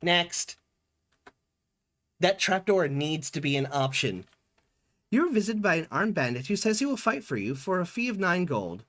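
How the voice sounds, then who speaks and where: A male streamer playing a text game live and reading its events aloud. His voice sits high and swings widely in pitch, playful and quick to react to each event. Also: very animated, fairly bright tone.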